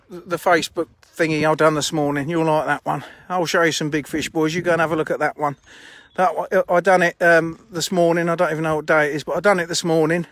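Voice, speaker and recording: A man's voice: on the high side, a bit bright, no room sound, clean studio sound. A man chatting bluntly on a phone live stream while walking around his fishing lakes outdoors, a bit out of breath and swearing casually. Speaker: fishery owner streaming live.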